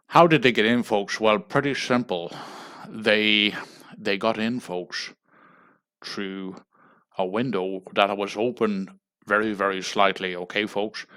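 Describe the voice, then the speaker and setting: An Irish man making a deadpan mock fundraising appeal on a livestream, pleading and tagging "folks" onto nearly every phrase. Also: fairly low pitch. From Ireland. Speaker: comedic livestreamer.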